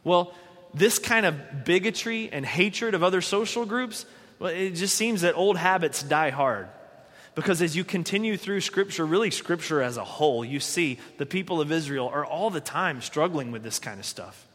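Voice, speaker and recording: A man's voice: a little high, animated, normal speed, a bit bright, in a large hall. A man preaching a sermon in a conversational way, retelling scripture in everyday speech. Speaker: pastor.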